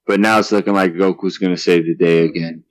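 Easygoing low-voiced man chatting. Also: steady tone, fast, no room sound, rough recording. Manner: easygoing, asks questions, thinks aloud. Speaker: podcast co-host. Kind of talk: casual chat.

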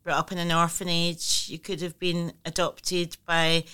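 Woman, middle-aged, guest writer; candid and laughing, low-ish pitch, bright tone. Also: monotone, a little slow, clean tone. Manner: thoughtful, candid, laughs often, many fillers and restarts. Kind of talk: reflective conversational interview.

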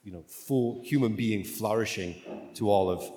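A man's voice: lowish voice, moderate pace, dark tone, a little hiss or hum. A man preaching a sermon in a conversational way, often checking in with his listeners with "right?" and "okay?". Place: church. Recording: echoey church with long reverb.

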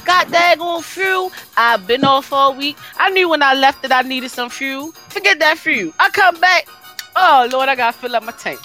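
A woman, co-host of a casual talk show, ranting in an exasperated, animated way about high prices. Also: normal speed, soft background music. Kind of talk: casual rant.

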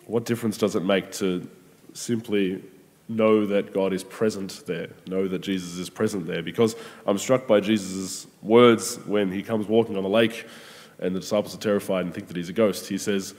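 A man giving a gentle, conversational sermon reflection with frequent pauses and restarts. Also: low voice, fairly even intonation. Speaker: preacher. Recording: long hall reverb.

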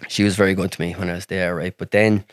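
A man's voice: low voice, flat delivery, fast talker, no room sound, clean studio sound. An Irish man from Ireland, a podcast guest telling a story in a rambling way, with heavy swearing and lots of "like". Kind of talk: casual storytelling.

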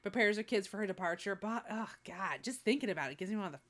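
A woman's voice: medium pitch, fast. A woman co-hosting a podcast in casual chat, self-mocking and chatty, often laughing. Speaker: podcast co-host.

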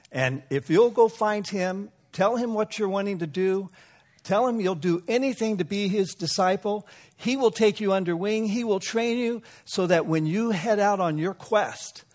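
A man's voice: sits high, a little mellow, pitched above the performer's own voice. Preacher doing a wise king father, fatherly, advising, storytelling. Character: wise older king advising his son.

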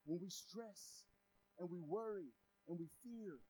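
A man preaching a sermon in a lively, conversational way, with sudden loud and quiet turns. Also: sits high, takes it slowly, breathy edge, rough recording. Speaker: pastor.

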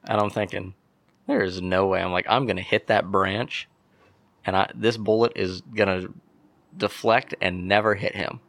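A young man from Pennsylvania, a podcast guest telling an animated story and acting out what people said. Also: low-pitched, moderate pace, creaky, no echo. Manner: animated storyteller, acts out quotes. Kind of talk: casual storytelling.

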